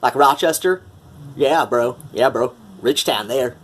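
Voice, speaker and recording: A man's voice: medium pitch, a little slow, breathy edge. A man voicing a brash, dismissive young Detroit bro with a Metro Detroit accent who ends lines with "bro". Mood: cocky. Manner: tacks "bro" onto lines, drawling, cocky.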